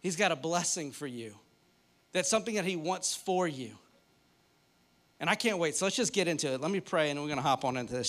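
A man's voice: on the high side, lively intonation, a little fast, a bit bright. A man in his thirties preaching a sermon, talking in a casual, joking storytelling way. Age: 30s. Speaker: pastor.

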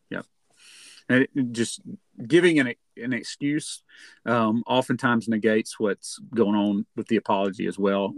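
A man's voice: on the low side, dry recording. A man co-hosting a counseling podcast, explaining in an earnest, conversational way and often repeating words as he speaks.

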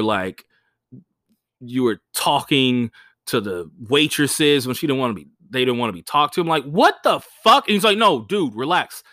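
A young adult man, a stand-up comedian, telling gig stories on a podcast in a casual, animated way, swearing freely and acting out the people he quotes. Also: dry recording, clean studio sound. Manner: animated, swears freely, acts out quoted voices with big pitch jumps.

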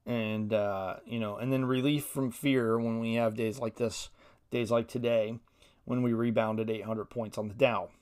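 A young Ohio man hosts a solo podcast, chatting casually in a rambling, self-deprecating manner and reading quotes aloud. His medium-pitched voice is steady, clear and resonant, moving at normal speed.

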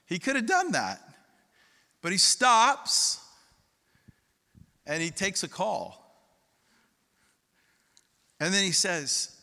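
A man's voice: high voice, huge pitch swings, extremely slow, creaky, long pauses, pushed and bright, in a large hall. A male pastor preaching a sermon in a conversational way, asking the congregation questions and reading scripture aloud.

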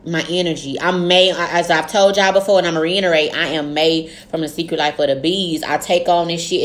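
A young adult woman co-hosting a casual podcast, telling stories in a fast, animated way with lots of cursing. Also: fairly low pitch. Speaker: podcast co-host. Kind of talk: casual chat.

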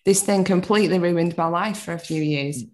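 A woman's voice: on the low side, moderate pace, a little mellow. A woman from the UK in her thirties, chatting casually as a podcast guest, laughing often and swearing lightly. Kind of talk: casual chat.

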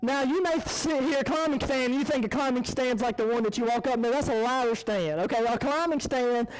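High-voiced young man telling a story. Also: a little fast, clean tone, poor audio. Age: young adult. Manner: animated, rambling, self-interrupting. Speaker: college student speaker. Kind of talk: casual storytelling talk.

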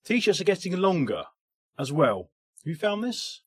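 A man co-hosting a comedy podcast, dropping dry, deadpan quips. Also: high voice, a little slow, husky, no echo. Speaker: podcast co-host. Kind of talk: casual comedy chat.

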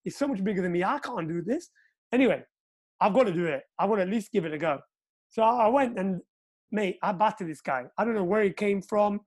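Animated man telling a story. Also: sits high, fairly quick. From Portugal. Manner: animated storyteller, acts out quotes. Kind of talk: casual chat, storytelling.

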